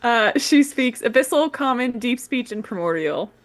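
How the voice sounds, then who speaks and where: A woman's voice: a little high, lively intonation, normal speed. A woman playing in a tabletop game, giggly and playful as she describes her character. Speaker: player. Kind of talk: casual tabletop game chat.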